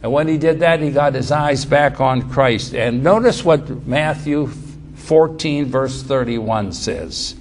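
A man's voice: medium pitch, slow, a little hiss or hum. A man preaching a Bible-teaching sermon, emphatic and repetitive, often restarting his phrases.

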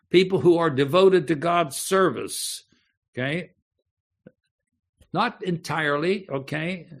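A man delivers a sermon at an unhurried, measured pace. His voice sits a little higher than most men's. He explains each point carefully and keeps checking that his listeners are following. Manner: slow, deliberate teaching with frequent "okay?" check-ins. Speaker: pastor.

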